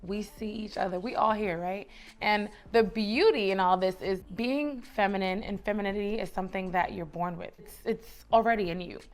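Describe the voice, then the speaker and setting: A woman's voice: mid-range voice, moderate pace. Chatty New woman vlogging. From the Bronx, New York. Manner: chatty and encouraging, calls viewers baby and sis. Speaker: lifestyle vlogger. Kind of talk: casual direct-to-camera advice.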